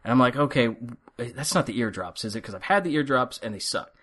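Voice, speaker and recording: A man's voice: mid-range voice, lively intonation, a little fast, fairly bright tone. A middle-aged man on a podcast, telling a story in a dry, sarcastic way and acting out both sides of a conversation. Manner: wry, sarcastic storyteller acting out quoted dialogue. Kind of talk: casual storytelling chat. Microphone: headphones and studio mic.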